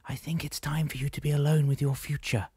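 Man doing a soft, cryptic old woman guide, higher and hushed, dry read. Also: level tone, fairly quick, breathy edge, dry recording. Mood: gentle cryptic.

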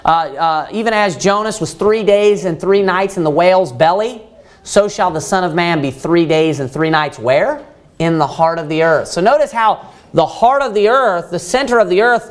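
A man preaching a sermon, emphatic, asking the congregation rhetorical questions and answering them himself, quoting scripture in old-fashioned wording. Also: sits high.

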